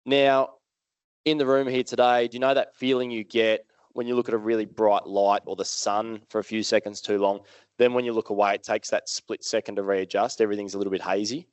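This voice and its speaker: A man with an Australian accent giving a live keynote talk, telling stories in a lively, conversational way and putting questions to the audience. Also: medium pitch, a little fast, smooth, no room sound. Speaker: motivational speaker. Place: live event hall with audience.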